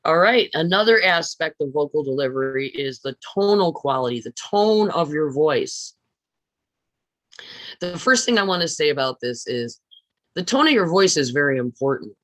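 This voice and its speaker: A woman teaching public speaking in a recorded lecture, stressing words deliberately and often asking her listeners questions. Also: low voice, animated, fairly bright tone, no echo. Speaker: speech teacher.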